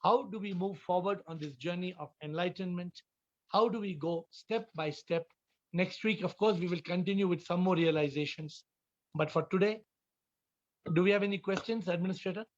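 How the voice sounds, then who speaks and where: A man giving a spiritual talk on a video call, telling stories and acting out the characters in lively voices. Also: high voice, moderate pace. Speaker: spiritual teacher. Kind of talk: Zoom talk with story-telling. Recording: dull lo-fi video call audio.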